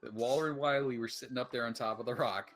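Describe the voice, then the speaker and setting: Man, game master, halting, self-deprecating, computer mic, casual chat. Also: mid-range voice, fairly even intonation, a bit bright, faint music behind. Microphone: computer mic on voice call.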